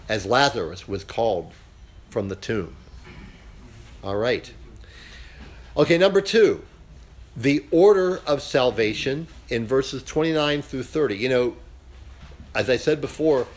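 A man leading a casual Bible study class, speaking haltingly with many filler sounds. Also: mid-range voice.

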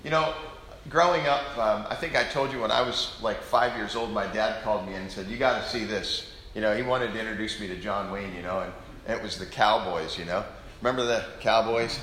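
A male pastor preaching an animated, joking sermon to his congregation in a church. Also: lowish voice, fairly quick, slight background noise. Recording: echoey room.

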